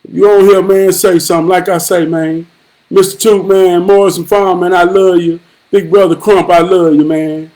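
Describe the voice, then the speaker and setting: A man hosting a live stream, giving a profane, preachy monologue with rhythmic repetition and occasional shouted bursts. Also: sits high, little pitch movement, normal speed. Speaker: livestream host.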